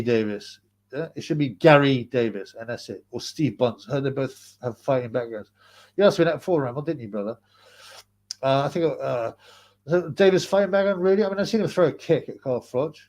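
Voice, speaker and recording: This livestream host has a medium-pitched, somewhat mellow voice. His talk is loose and repetitive as he goes through viewers' comments and replies to them, breaking into laughter frequently.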